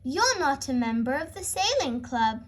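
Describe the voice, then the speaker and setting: A woman's voice: sits high, sing-song, normal speed. Woman voicing a grumbly old grandpa pig. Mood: gentle. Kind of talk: storybook reading.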